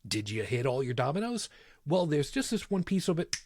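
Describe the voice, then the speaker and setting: A man's voice: a little high, sing-song, a little fast, darkish tone, dry recording, studio quality. A man co-hosting a casual podcast chat, blunt and emphatic, swearing as he explains. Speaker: podcast co-host.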